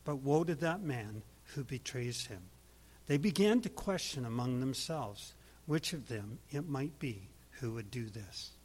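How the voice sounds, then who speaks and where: A man reading scripture aloud in a steady, even manner. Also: medium pitch, unhurried, breathy edge, poor audio. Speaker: scripture reader.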